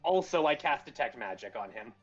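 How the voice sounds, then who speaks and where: A man's voice: mid-range voice, big pitch swings, brisk, breathy edge. A man chatting as a player in a tabletop game, joking and swearing freely. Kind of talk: casual tabletop game chat. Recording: dull lo-fi sound with faint music.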